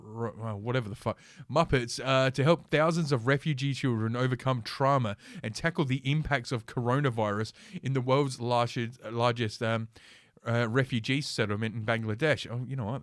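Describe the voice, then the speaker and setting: A man's voice: mid-range voice, brisk, hardly any pauses, dry recording, studio quality. A man hosting a casual ranting commentary stream from his computer, reading news aloud with sarcastic, profane asides and lots of fillers. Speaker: host.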